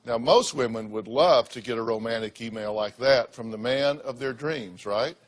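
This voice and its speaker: A man's voice: mid-range voice, normal speed. A man in his sixties hosting a television talk show, talking in an emphatic, folksy way. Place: TV studio.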